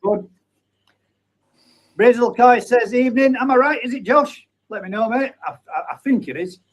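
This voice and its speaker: A man's voice: extremely high pitch, moderate pace, highs cut off. A man hosting a live chat stream. He reads out viewer comments and banters with his guests in a casual way. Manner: chatty, banters and reads names aloud.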